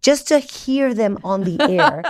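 A woman's voice: a little high, lively intonation, measured pace. A woman from Mexico hosting a talk show, chatting playfully with a guest and bursting into laughter. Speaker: host. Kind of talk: lively talk show chat.

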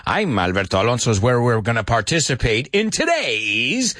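A man hosting a live-streamed English lesson in a playful, animated way, switching between English and Spanish. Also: medium pitch, quick pace, dry recording, clean studio sound. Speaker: host.

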